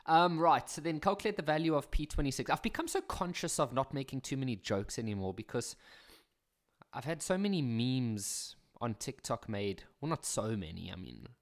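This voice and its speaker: A man's voice: medium pitch, expressive, moderate pace. A young South African man talking through maths exam questions in a chatty way, with jokey, self-mocking asides. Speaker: maths teacher. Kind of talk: casual maths exam walkthrough.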